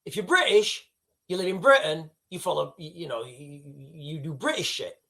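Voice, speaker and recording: A man's voice: a little high, expressive, normal speed, pushed and bright. A middle-aged British man hosting a livestream, rambling and sidetracking as he talks to his chat. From United Kingdom. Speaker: livestream host. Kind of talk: casual livestream commentary.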